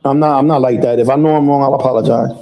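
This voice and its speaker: A man's voice: mid-range voice, steady tone, rapid-fire, dark tone, a little hiss or hum, poor audio. A man chatting casually on a livestream, loose and profane, full of street slang and restarts. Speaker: livestream host.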